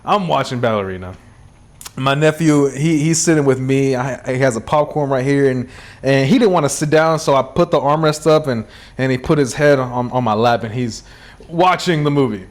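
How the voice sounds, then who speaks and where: A young man co-hosting a podcast, telling a funny story in a lively, animated way and laughing often. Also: mid-range voice, moderate pace. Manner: animated storyteller, acts out quotes, laughs a lot. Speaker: podcast co-host. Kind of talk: casual chat.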